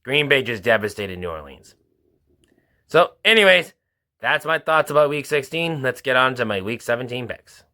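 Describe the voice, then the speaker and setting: A man with a bright, sharp-edged voice runs through his weekly football picks. His delivery is informal and halting. He sounds like a regular host of his own show. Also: mid-range voice, very animated. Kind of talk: casual football picks commentary.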